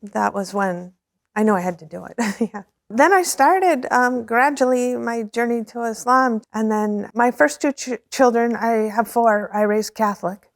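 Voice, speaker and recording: Middle-aged woman, gravelly voice, dry close sound, earnest personal storytelling, laughs now and then. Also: a little high, steady tone, moderate pace, no room sound. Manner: earnest, laughs often, repeats words. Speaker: interview guest, convert.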